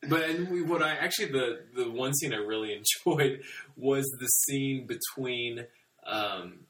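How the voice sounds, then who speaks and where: A man's voice: medium pitch, measured pace, a bit bright. A man co-hosting a casual podcast chat about a TV episode, talking in an easygoing way. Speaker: podcast co-host. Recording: echoey room, distant mic.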